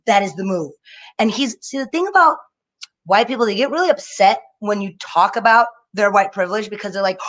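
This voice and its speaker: A young woman performing a stand-up set over a live video stream, telling stories in an animated way and slipping into mocking voices. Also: medium pitch, a little fast. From Indian family. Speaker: stand-up comedian.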